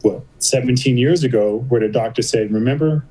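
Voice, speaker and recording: Man telling a story with lively quoted voices. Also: mid-range voice, a little fast, rough recording. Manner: vivid retelling, acting out quoted voices. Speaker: podcast guest. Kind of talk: casual interview storytelling.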